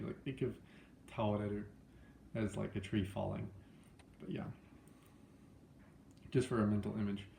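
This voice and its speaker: A young man with a low, gravelly voice gives a laid-back spoken lesson, stopping often to correct himself. His tone is dark and mellow. The sound bounces around an echoey room, with a faint hiss underneath. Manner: loose and chatty, many fillers and self-corrections. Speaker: language teacher.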